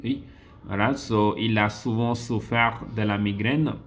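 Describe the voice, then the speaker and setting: A man teaching French grammar as a lesson, going through exercises slowly, repeating sentences and spelling words out letter by letter. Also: fairly low pitch, fairly even intonation. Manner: frequent "okay" and "so" fillers. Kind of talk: classroom lesson walkthrough.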